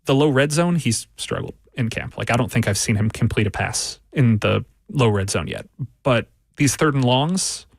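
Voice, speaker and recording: A man's voice: mid-range voice, lively intonation, moderate pace, dry recording. Male sports writer guest, mid-range voice, dry close studio sound, argues in building, repeated points. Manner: analytical, builds arguments with repeated phrases. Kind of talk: sports radio discussion.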